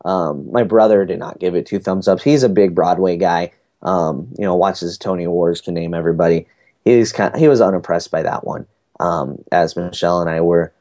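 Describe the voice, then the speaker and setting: A man's voice: low-pitched, fairly even intonation, moderate pace, mellow. A man, chatting casually and rambling through a family story with many fillers. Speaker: podcast guest recounting a family cruise. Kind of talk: casual chat.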